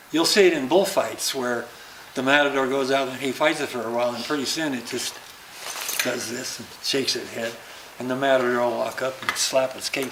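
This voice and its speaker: An older man, an interview guest, telling anecdotes in casual chat and acting out the dialogue he quotes. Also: medium pitch. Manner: lively storyteller who acts out quoted dialogue. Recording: roomy echo with faint background noise.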